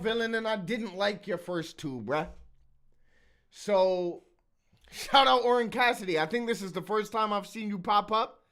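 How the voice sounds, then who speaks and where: A male streamer reacts to rap battles in casual, candid commentary, stopping to repeat himself as he works out his point. His voice sits high for a man. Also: fairly bright tone. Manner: frank and candid, repeats words as he thinks.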